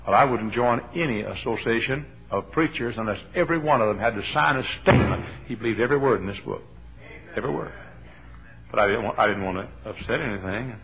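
A man preaching a sermon from his pulpit, telling a story and building to shouted fervor. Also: mid-range voice, fast talker, gravelly. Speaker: pastor. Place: church sanctuary. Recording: tinny phone-like old sermon tape.

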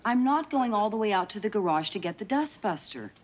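A woman's voice: medium pitch, big pitch swings, a little fast, lightly acted. A woman playing an exasperated, scolding mother in a 1980s sitcom. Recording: hissy old TV tape with studio laughter.

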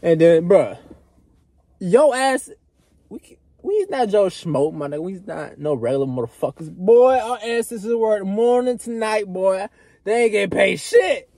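A young male vlogger rants straight to camera, loud and profane one moment and muttering the next. His voice is husky and darkly mellow, with a lively, bouncing pitch. The sound is dry and close. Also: moderate pace, no echo. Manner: loud, profane, swings between shouting and muttering. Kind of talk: unscripted rant to camera.

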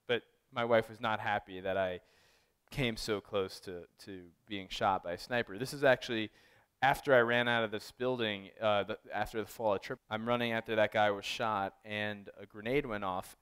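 A man giving a casual artist talk, telling animated, profane, wry stories to an audience, full of fillers. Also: lowish voice, clear, resonant tone. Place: art gallery talk.

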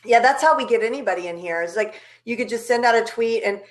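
A woman's voice: a little high, quick pace. A woman hosting a live video chat, talking in an upbeat, chatty way. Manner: upbeat, chatty, uses fillers. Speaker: host. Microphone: video call.

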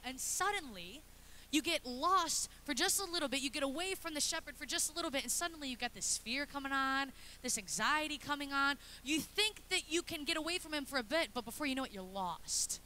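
A woman in her thirties preaching a lively, chatty sermon in a church, acting out little scenes as she goes. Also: high voice, quick pace, a little hiss or hum. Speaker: pastor's wife preaching. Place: church sanctuary.

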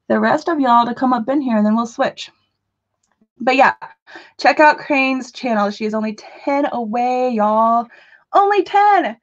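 A woman hosting a live crafting talk show, chatting casually and goofing around with her viewers. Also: fairly high pitch. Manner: chatty, goofy, rambling, jokes with chat. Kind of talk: casual live-stream chat. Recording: dull lo-fi stream audio.

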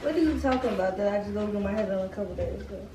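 A woman's voice: mid-range voice, lively intonation, rapid-fire, distant mic, background noise. A young woman chatting casually with her boyfriend, answering in a blunt, dismissive way. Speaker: vlogger's girlfriend. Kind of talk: casual couple chat. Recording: echoey room, away from the mic.

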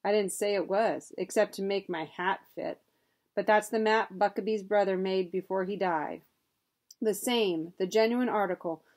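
A woman voicing a shifty frontier dentist and scoundrel who speaks low and slyly. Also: moderate pace, a little mellow, close to an everyday voice. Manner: low, muttering, sly.

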